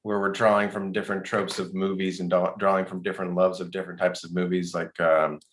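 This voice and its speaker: A male film director answering questions at a post-screening talk, halting, with many restarts and fillers. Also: deep voice, little pitch movement, fairly bright tone.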